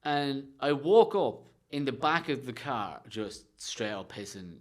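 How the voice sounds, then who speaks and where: A young Irish man, a comedian, telling childhood stories in a casual podcast chat, swearing freely and animated. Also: mid-range voice, unhurried. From Ireland. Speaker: comedian guest.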